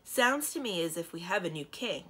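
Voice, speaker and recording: A woman voicing a gruff, impatient male escort dragon in a storybook reading, loud and barking orders. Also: lowish voice, animated, normal speed. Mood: relieved.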